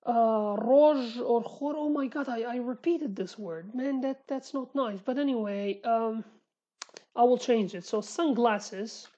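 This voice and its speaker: A woman's voice: on the high side, warm tone, dull audio. Kurdish-accented woman teaching vocabulary. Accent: Sulaymaniyah Kurdish. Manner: repeats words slowly, self-correcting, chatty asides. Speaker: language teacher. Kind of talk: casual vocabulary lesson.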